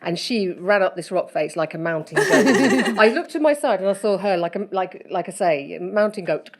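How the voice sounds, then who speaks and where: A middle-aged foster carer, a woman, talks in a slightly low voice. She tells stories with plenty of laughter and puts on little voices as she goes. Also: brisk. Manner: animated, laughing, acts out voices. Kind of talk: casual storytelling interview.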